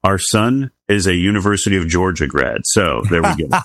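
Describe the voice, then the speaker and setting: A middle-aged man hosting a casual interview, asking questions in a relaxed way. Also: deep voice, moderate pace, no room sound. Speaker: host.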